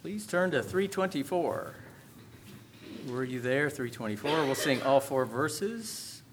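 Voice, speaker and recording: A man runs the announcements at a church service in a loose, joking manner. His voice sits at a middle pitch, and the room around him is noisy. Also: slow pace. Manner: joking, relaxed. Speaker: worship leader. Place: church sanctuary.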